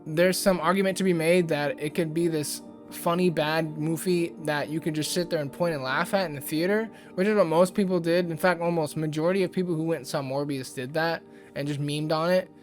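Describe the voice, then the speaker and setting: A man's voice: a little high, steady tone, brisk, faint music behind. A man hosting a casual ranting commentary vlog, rambling and exasperated, with lots of fillers. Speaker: YouTube host.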